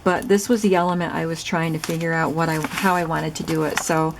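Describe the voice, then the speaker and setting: A woman's voice: low voice, little pitch movement, brisk, vocal fry. A woman host chatting casually as she demonstrates a crafting project, explaining each step. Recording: noisy recording with clicks.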